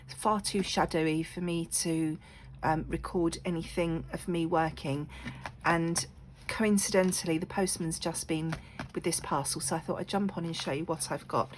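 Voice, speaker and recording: Brief: woman, low-pitched, chatty craft vlogger with a lingering cough, faint background hum. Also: steady tone, moderate pace, rough recording. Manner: chatty, apologetic, many ums. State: recovering from a cough. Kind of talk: casual chat. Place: home craft room.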